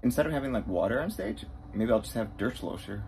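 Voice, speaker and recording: A man on tour as a bassist, chatting straight to the camera in a casual travel vlog and poking fun at himself. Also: animated, fast talker, gravelly, a little mellow, a little hiss or hum. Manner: chatty, self-mocking, talks straight to camera. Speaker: touring bassist.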